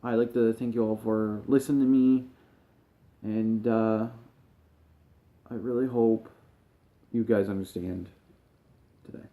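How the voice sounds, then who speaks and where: A man, a gaming streamer, speaking to camera while grieving and near tears. He talks in a halting, emotional way and often trails off quietly. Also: fairly low pitch, steady tone. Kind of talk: personal talk to camera.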